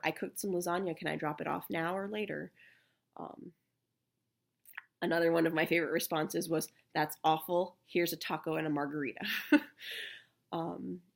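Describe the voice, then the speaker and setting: Woman, 30s, low and creaky, soft-spoken candid vlogger. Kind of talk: casual personal talk to camera.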